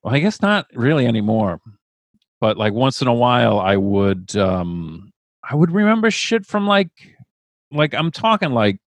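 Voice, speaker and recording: Lively-voiced reflective man, dry sound. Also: mid-range voice, moderate pace, dry recording. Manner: reflective, open, swears casually. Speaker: podcast guest. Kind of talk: casual conversation.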